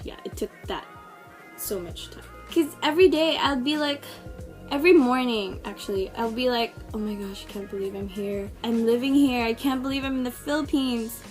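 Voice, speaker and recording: Twenty-something woman vlogging, chatty and candid, says like a lot, soft music under her. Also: medium pitch. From Brunei. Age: 20s. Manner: chatty and frank, lots of "like". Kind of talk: candid personal vlog.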